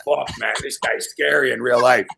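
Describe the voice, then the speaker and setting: A man's voice: medium pitch, steady tone, a little fast, creaky, bright, forceful tone, slight background noise. A man telling a rambling story in casual chat, swearing constantly and acting out growls and laughs. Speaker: show regular telling a story.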